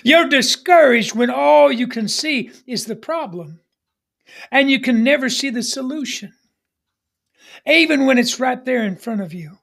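Middle-aged male pastor, strikingly high voice, emphatic sermon delivery with call-and-response refrains. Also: animated, a little slow, vocal fry, a bit bright.

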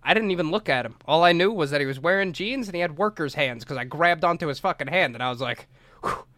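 Young male podcast co-host, raised voice, profane and animated storyteller, dry close mic. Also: a little high, quick pace, no room sound. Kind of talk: casual storytelling chat.

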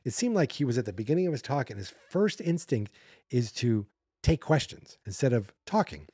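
A man's voice: mid-range voice, big pitch swings, brisk, warm tone, slightly rough, dry recording, studio quality. A man hosting a podcast, recapping a movie in a casual, sarcastic and rambling way. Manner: sarcastic, rambling, acts out character quotes. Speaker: podcast host.

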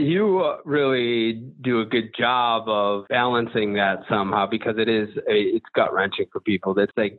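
Guy hosting a podcast, sounds like he's on a phone line, easygoing rambling questions. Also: lowish voice. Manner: friendly, rambling questions with restarts. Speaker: podcast host. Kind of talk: casual podcast interview. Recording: tinny phone-like audio.

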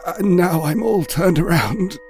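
An actor playing a sinister old man who fakes frailty, speaking in a slow, feeble, pleading way. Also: high-pitched, darkish tone, soft background music. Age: older.

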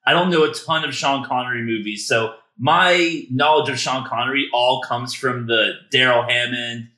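A man's voice: medium pitch, fairly even intonation, normal speed, bright, forceful tone. A man co-hosting a podcast, joking and laughing along in a casual chat. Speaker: podcast co-host. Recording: roomy echo.

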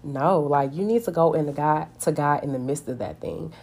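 A woman's voice: sits low, normal speed, few pauses, darkish tone, husky. A woman giving an earnest, conversational devotional talk, reading scripture and speaking plainly, with many "like" fillers.

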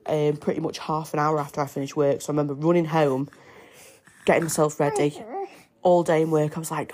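A young woman hosting her own podcast, her voice pitched notably low. She tells a personal story in a chatty, excitable way, like she is chatting with a friend. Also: fast talker. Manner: chatty, excitable, breaks off to coo at her baby. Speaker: podcast host. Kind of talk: casual storytelling.

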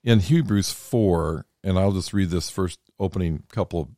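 A man's voice: sits low, moderate pace, dark tone, no echo. A man hosting a faith podcast in a studio, talking earnestly and reading scripture and commentary aloud. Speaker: podcast host.

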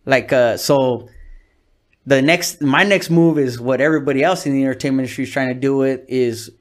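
This California comedian, a guest in a casual interview, tells stories in a mid-range voice at a fairly quick clip. He's laid-back, slangy and full of swearing.

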